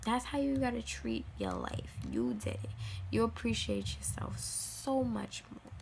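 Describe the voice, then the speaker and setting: Emphatic woman with a gravelly voice. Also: on the high side, huge pitch swings, a little slow, darkish tone, a little hiss or hum. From United States. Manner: emphatic, repeats lines, dips into whispers. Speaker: vlogger giving advice. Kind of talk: casual advice talk to camera.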